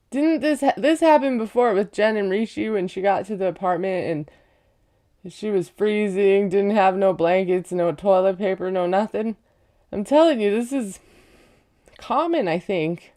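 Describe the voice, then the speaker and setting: Chatty sarcastic woman with a smooth voice. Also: medium pitch, moderate pace, warm tone. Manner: chatty, sarcastic, laughs at own jokes. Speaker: recap vlogger. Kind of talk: casual reality-show recap.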